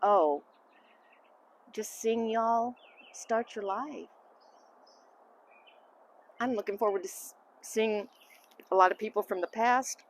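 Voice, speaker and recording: A middle-aged woman, answering interview questions as a mother in a candid, halting, emotional way. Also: medium pitch, slight background noise. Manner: candid, halting, emotional, trailing off into soft asides. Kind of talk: casual family interview.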